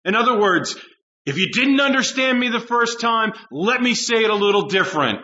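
A man preaching a sermon with passion, swinging from loud urgent lines down to low, intense tones. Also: lively intonation, normal speed, muffled recording. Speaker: pastor.

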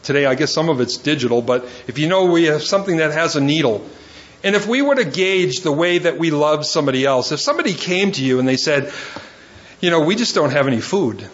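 A man's voice: on the high side, expressive, quick pace. A man preaching a sermon in an earnest way, often repeating words as he gives everyday examples. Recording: dull lo-fi sermon recording.

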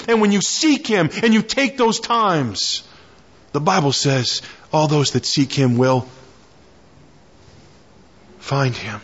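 A man's voice: sits high, unhurried, fairly bright tone, lo-fi sound. A man preaching a sermon, building in fervor through repeated lines and prayers. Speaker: pastor.

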